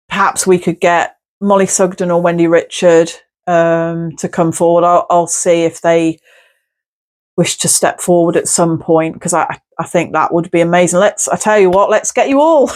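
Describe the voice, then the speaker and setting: A woman working as a spirit medium, talking to camera in an effusive, gushing way during a channelling session. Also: lowish voice. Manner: effusive, gushing, repeats "wonderful".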